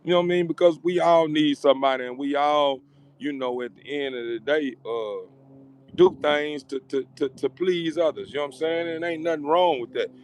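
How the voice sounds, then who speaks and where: Speaking smoothly at normal speed, a man with a higher-pitched voice delivers a rambling, casual motivational talk to his channel's audience. He repeats words often and keeps asking "you know what I'm saying" to see if they follow.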